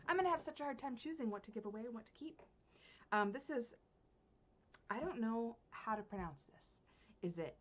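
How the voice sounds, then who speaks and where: A woman's voice: fairly high pitch, brisk. Gushing woman with a dull lo-fi sound. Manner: gushing, excitable, laughs often, swings from hushed to loud. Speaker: knitting podcast host. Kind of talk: casual unboxing chat to viewers.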